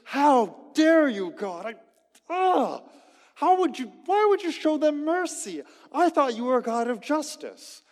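An indignant prophet protests loudly in a strained, high voice, as a preacher acts him out in his sermon. The words ring out with the long reverb of a big hall. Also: sing-song, unhurried, full character voice. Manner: outraged, pleading, raised voice. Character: indignant prophet arguing with God, male.

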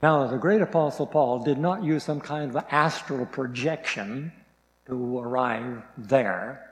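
A man preaching a sermon, reading scripture slowly and stressing key words. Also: mid-range voice, in a large hall, a little hiss or hum, low-quality recording.

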